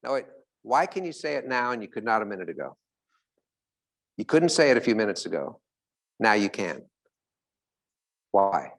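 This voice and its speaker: A man speaking live to an audience as a motivational speaker, animated and chuckling as he acts out everyday characters. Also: on the low side, normal speed, vocal fry, pauses often. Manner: animated, acts out little characters, laughs often.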